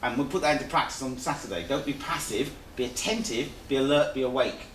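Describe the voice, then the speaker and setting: A man's voice: mid-range voice, quick pace, a bit bright. A man teaching a live seminar in a conversational, repetitive way, often restating his points. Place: seminar room. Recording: echoey room, distant mic, faint hiss.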